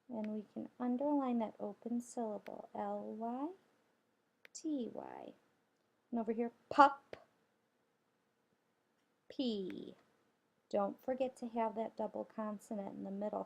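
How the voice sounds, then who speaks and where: A woman's voice: mid-range voice, vocal fry, dark tone. A woman teacher guiding children through a spelling lesson, patiently sounding out letters and syllables.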